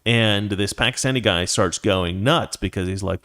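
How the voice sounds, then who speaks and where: A man's voice: fairly low pitch, moderate pace, few pauses, fairly bright tone. A man hosting his own commentary show, ranting in a heated, indignant way. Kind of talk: political commentary monologue.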